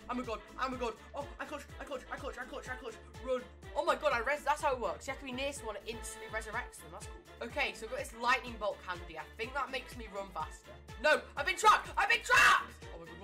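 Excitable high-pitched woman gaming. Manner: excitable, frequent yelps and shouts; fast repetitive exclamations. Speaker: gaming YouTuber. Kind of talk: live gameplay commentary. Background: background music.

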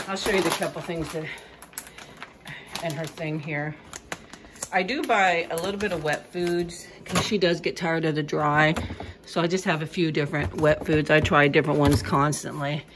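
A woman's voice: low-pitched, steady tone, moderate pace, noisy background. A woman filming a casual home vlog, talking to her dog in a sing-song baby voice and chatting about her dog's routine on a handheld phone. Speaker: vlogger and pet owner. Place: home and yard, indoors and outdoors.

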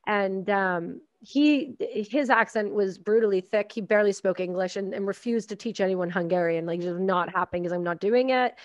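A woman podcast host speaks emphatically and effusively, and she acts out quotes in animated voices. Her voice sits at a middle pitch. It is recorded dry and close, with slightly muffled audio. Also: moderate pace, hardly any pauses, no echo. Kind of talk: casual interview conversation.

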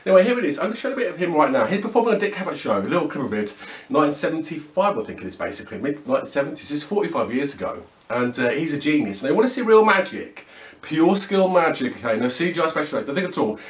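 A rapid-fire man in his fifties talks in a lively, up-and-down voice, rambling enthusiastically and circling back to the same fillers. He sounds set back from the mic in a roomy, echoing space. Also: a little high, distant mic. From England. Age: 50s. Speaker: magic vlogger. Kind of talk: casual rambling vlog monologue.

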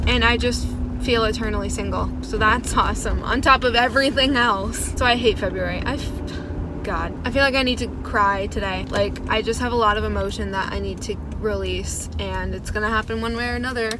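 A young woman with a slightly high voice vlogs straight into her phone, frank, fed up and poking fun at herself. She speaks casually, as if to a friend. The phone audio is outdoors and carries a clear bed of background noise. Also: moderate pace. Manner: frank, exasperated and self-mocking. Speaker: vlogger. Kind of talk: casual daily vlog.

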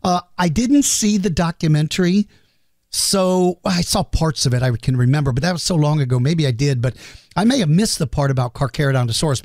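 A man's voice: mid-range voice, a little mellow, no room sound. Middle-aged male podcast host, chatty and self-deprecating, dry studio sound. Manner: chatty, self-deprecating, reads questions aloud. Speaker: podcast host answering listener questions. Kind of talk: casual Q&A monologue.

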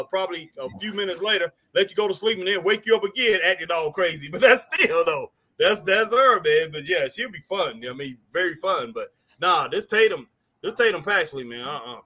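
A man co-hosting a live stream in casual chat, excitable and chuckling, ending lines with "man" and "boy". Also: high voice, fairly quick. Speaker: co-host of a wrestling live stream.

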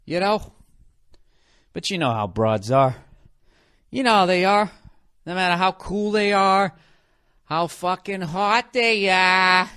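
A man's voice: mid-range voice, moderate pace, pauses often, fairly bright tone. A man in his forties from the United States, a comedian hosting a podcast, delivering a profane, sarcastic rant. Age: 40s. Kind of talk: ranting comedic monologue.

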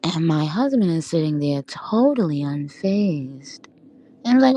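A woman chatting casually and profanely on a livestream, rambling, laughing often and talking with animated energy. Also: low-pitched, unhurried, slight background noise. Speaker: livestream host. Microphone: audio livestream from home.

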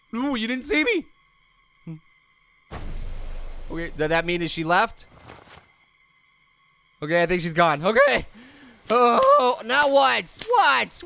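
A man voicing a hyper, wisecracking male cartoon fruit who excitedly comments on a video game, repeating himself and yelping at scares. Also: full character voice. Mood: jumpy. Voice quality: high, gravelly voice. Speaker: let's play commentator. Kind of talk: let's play commentary.

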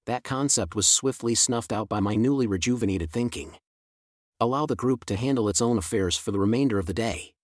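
Low-voiced male story narrator. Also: no room sound, clean studio sound. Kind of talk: first-person story narration.

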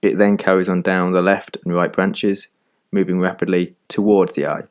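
A man narrating an animated medical lesson in a calm, measured, scripted voice-over, recorded close on a studio mic. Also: low-pitched. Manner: calm, measured explanatory delivery.

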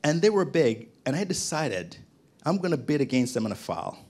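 A middle-aged man from Jamaica, a podcast guest, telling his story in lively conversation and acting out the people he quotes. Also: mid-range voice, brisk. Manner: animated storyteller, acts out quoted voices.

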